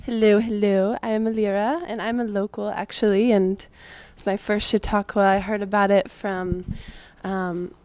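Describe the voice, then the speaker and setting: A woman's voice: medium pitch, little pitch movement, moderate pace, hardly any pauses, darkish tone, clear, resonant tone, no echo. A woman from Northern California introduces herself and gives a rhythmic spoken-word poem reading at a live community gathering. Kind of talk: poetry reading then singing with guitar.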